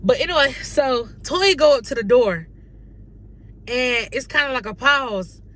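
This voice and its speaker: A young woman from North Carolina telling a casual storytime on her vlog, animated and slangy, acting out the dialogue she quotes. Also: sits high, unhurried. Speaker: vlogger.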